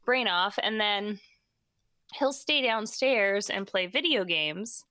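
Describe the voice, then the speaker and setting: A woman's voice: medium pitch, lively intonation, takes it slowly, bright, forceful tone, no echo. A pregnant young woman co-hosting a podcast in casual chat, rambling with lots of fillers. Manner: chatty, rambling with many fillers. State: pregnant and tired. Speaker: podcast co-host.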